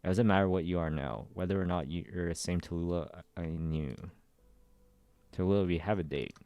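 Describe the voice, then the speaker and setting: A man streaming a casual readthrough of a game's story, reading all the parts in a plain, even way. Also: low-pitched, normal speed, no room sound, dull audio.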